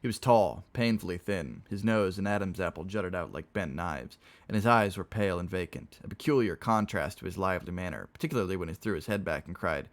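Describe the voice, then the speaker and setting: A man reads a novel aloud on a stream, narrating plainly and chatting with viewers between passages in casual read-aloud style. His low-pitched voice is brisk, with few pauses.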